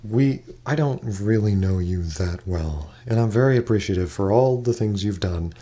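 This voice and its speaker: A man voicing a stressed but polite young woman who keeps pressing for answers, hesitant and shaken, in a lowish voice. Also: lively intonation, moderate pace, dark tone. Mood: flustered.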